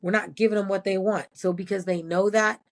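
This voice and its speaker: A woman's voice: medium pitch, steady tone, a little fast. A former prison nurse, a woman, telling blunt and profane stories in a casual interview.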